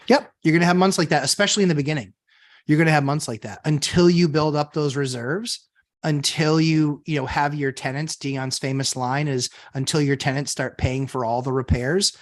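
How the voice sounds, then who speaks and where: Male co-host, slightly high voice, loose anecdotal talker. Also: moderate pace. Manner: chatty anecdote-teller, many fillers and restarts. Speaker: podcast co-host. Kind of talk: casual storytelling chat.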